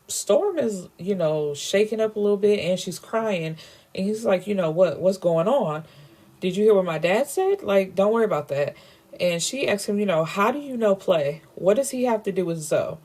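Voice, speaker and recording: A woman's voice: fairly low pitch, darkish tone. Chatty woman recapping a novel. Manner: chatty retelling, acting out characters' lines with filler "you know". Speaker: book reviewer. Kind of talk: casual book recap.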